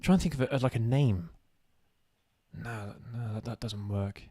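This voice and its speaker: A man co-hosting a casual live stream, halting and self-deprecating as he searches for words. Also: medium pitch, dark tone, breathy edge. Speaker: co-host of a live show.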